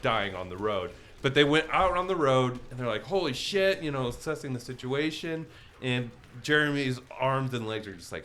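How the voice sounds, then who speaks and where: A man co-hosting, telling a rambling, profane story in casual chat over gameplay, full of "like" and loud acted-out quotes. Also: mid-range voice, a little hiss or hum. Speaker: co-host.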